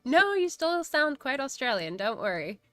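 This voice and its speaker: A woman's voice: sits high, big pitch swings, moderate pace, dry recording. A woman hosting a casual study live stream, chatting and reading chat messages aloud with frequent laughs.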